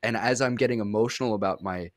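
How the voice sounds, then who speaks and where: A man's voice: fairly low pitch, fast, no echo, clean studio sound. A man co-hosting a podcast, chatting and asking questions, telling stories animatedly with stammering restarts. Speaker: podcast co-host. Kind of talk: casual interview chat.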